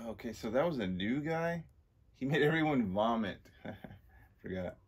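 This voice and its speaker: A man's voice: mid-range voice, animated, measured pace, long pauses, husky. A man casually reading a comic aloud, rambling and questioning himself in asides. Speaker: comic book reader.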